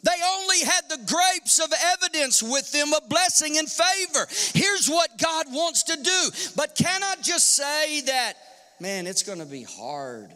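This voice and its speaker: High, bright-voiced preaching man. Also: measured pace. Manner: animated, with rhetorical questions and acted-out quotes. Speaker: pastor. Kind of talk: sermon. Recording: long hall reverb.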